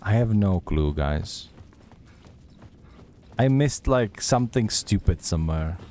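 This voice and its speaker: A man's voice: sits low, expressive, takes it slowly, mellow, slight background noise. Sarcastic man streaming a game. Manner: chatty, sarcastic, talks back at the game. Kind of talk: gameplay commentary.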